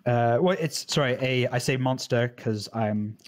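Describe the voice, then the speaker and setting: A man narrating as dungeon master, in a relaxed, rambling way with many restarts, recorded at home for a live stream. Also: medium pitch, measured pace. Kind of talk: narrating a tabletop game. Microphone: home mic on a live stream.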